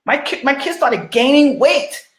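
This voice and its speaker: A woman's voice: high-pitched, animated, measured pace, roomy sound. A middle-aged woman coaching online business, talking casually and repeating rhetorical questions to her viewers. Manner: repetitive, rhetorical questions, chatty. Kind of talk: casual motivational livestream talk.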